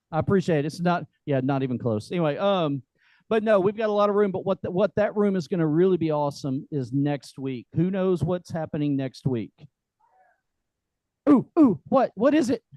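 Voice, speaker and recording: A man's voice: sits high, a little mellow, dry recording, poor audio. A man hosting a group meeting, casual, joking and folksy, with lots of fillers. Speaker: meeting host. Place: meeting room.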